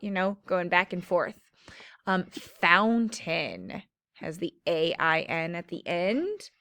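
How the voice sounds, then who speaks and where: A woman teacher giving a slow, clear phonics lesson to children, stretching out the sounds of words. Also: on the low side, fairly bright tone, dry recording, clean studio sound.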